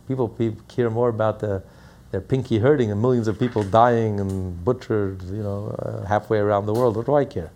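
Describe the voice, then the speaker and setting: A man's voice: fairly low pitch, fairly quick, darkish tone. A man teaching a Torah class as a rabbi, preaching with rhetorical questions and acting out the voices he quotes.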